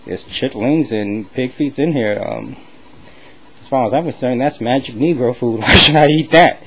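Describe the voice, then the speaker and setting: A man's voice: mid-range voice, moderate pace, dull audio, heavy background noise, lightly acted. A man doing a smug, sneering male pundit.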